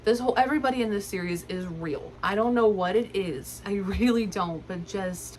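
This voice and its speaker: A woman's voice: medium pitch, normal speed, hardly any pauses, slight background noise, poor audio. A young woman vlogging about her favourite books, gushing and repeating herself as she talks straight into her phone camera. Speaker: book vlogger. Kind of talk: casual enthusiastic book talk.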